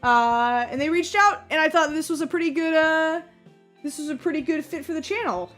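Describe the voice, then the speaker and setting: A woman's voice: high voice, moderate pace, fairly bright tone, faint music behind. A young woman gaming YouTuber giving casual, rambling commentary that is full of fillers.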